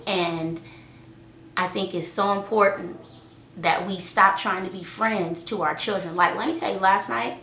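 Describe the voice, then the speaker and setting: A woman giving casual parenting advice, lively and acting out what was said in a raised voice. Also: mid-range voice, measured pace, slight background noise. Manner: lively, acts out quotes in a raised voice. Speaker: parenting talk co-host. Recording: echoey room.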